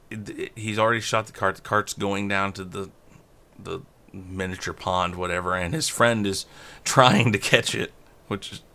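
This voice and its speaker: A man's voice: fairly low pitch, vocal fry, pushed and bright. A man co-hosting a movie review show, retelling scenes casually and acting out the characters' lines. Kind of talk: casual film discussion.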